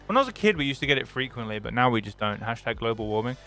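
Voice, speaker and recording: A young British man chatting casually on a stream, excitable and swearing freely, swinging between loud enthusiasm and mock gloom. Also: medium pitch, very fast, soft background music.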